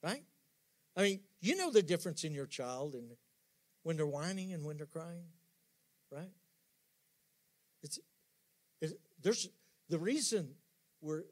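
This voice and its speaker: A man delivering a sermon from the pulpit, his voice pitched a little above the usual. He preaches with emphasis, climbing into loud bursts and then falling back to soft, almost hushed asides. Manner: emphatic preaching with sudden soft drops and rising outbursts. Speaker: pastor.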